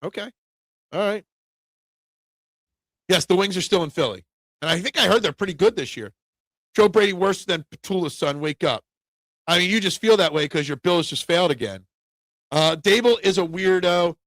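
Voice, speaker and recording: A man's voice: high voice, normal speed, long pauses, no echo. A man hosting a casual sports talk show, reading viewer comments and getting opinionated and worked up. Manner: opinionated, gets loud and worked up.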